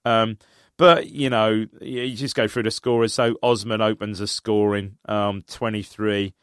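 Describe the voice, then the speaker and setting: A man from England co-hosting a casual football podcast, reminiscing about old matches and getting animated as he recalls them. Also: on the low side, a little slow, smooth, dry recording, studio quality. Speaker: podcast co-host.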